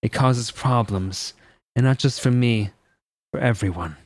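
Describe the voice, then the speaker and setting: A man's voice: mid-range voice, measured pace, darkish tone, dry recording, lightly acted. Man doing a cold, stern young woman. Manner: curt, cold, commanding. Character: cool, stern young female detective student.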